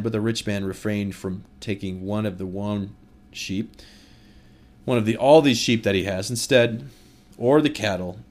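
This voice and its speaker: A man preaching a conversational sermon, retelling a story and speaking directly to his listeners. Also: on the low side.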